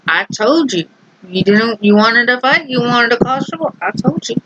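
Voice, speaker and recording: A woman's voice: fairly high pitch, animated, moderate pace, a bit bright, slight background noise, pitched above the performer's own voice, rough recording. A woman voicing a firm, fed-up middle-aged mother who insists she is right in an exasperated voice. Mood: insistent.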